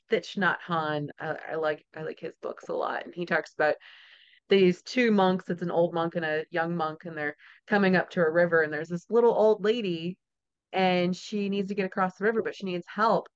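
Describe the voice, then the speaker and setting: A woman's voice: lowish voice, smooth, lo-fi sound. A woman hosting a podcast, talking casually and often laughing, with chatty storytelling asides. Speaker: podcast host. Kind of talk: casual interview chat.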